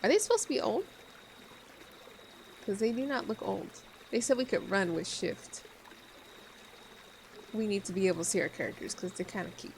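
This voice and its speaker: A woman's voice: medium pitch, animated, normal speed, gravelly, pauses often, a little hiss or hum. A woman gaming YouTuber giving casual, jokey let's-play commentary full of sarcastic asides.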